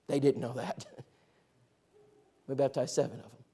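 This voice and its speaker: A man training a church group in outreach, telling stories in a lively, joking way and speaking to listeners directly. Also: medium pitch, moderate pace, gravelly, breathy edge. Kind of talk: animated storytelling talk to a church group.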